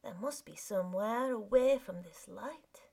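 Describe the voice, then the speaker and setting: A woman's voice: medium pitch, unhurried, gravelly, dark tone. A woman doing a shaken, curt middle-aged man. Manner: curt, choked, brooding.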